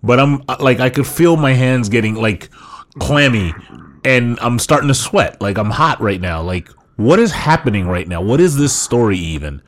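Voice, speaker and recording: A man's voice: medium pitch, animated, moderate pace. A man in casual chat reacting to a friend's story with incredulous comments. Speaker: podcast co-host.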